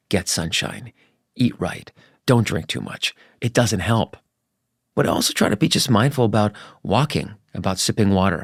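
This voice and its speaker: A man's voice: mid-range voice, vocal fry, dry recording, studio quality. A middle-aged man, a journalist guest in an interview, talking candidly and earnestly, acting out his anecdotes with animation.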